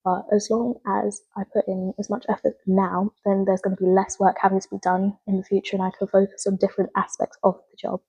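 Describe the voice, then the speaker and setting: A young woman reflects on camera in an earnest, rambling way, often stopping to correct herself. Her voice is soft and breathy at a middling pitch. It sounds like a casual student video diary. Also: little pitch movement, a little fast, few pauses, highs cut off. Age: young adult. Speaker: drama student. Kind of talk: spoken reflective video log.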